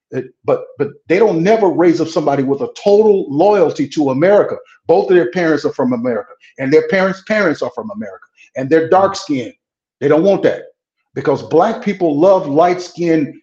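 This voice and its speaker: A man's voice: a little high, darkish tone, echoey room, muffled recording. A man, a pastor running for Congress, speaking frankly and bluntly in a political interview and often stumbling over fillers.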